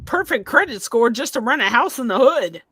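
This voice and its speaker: A woman co-hosts a live-stream chat with a very lively, up-and-down voice. She talks bluntly and casually and swears now and then. The sound is close and dry. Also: on the high side, moderate pace, husky, no room sound. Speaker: co-host.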